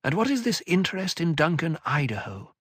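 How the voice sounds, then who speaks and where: A man voicing a cool, calculating woman who leads a sisterhood, speaking in a measured, curt way. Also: on the high side, sing-song, a bit bright, breathy edge, dry recording, clean studio sound, voice pushed up, full character voice. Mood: guarded. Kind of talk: audiobook character voice.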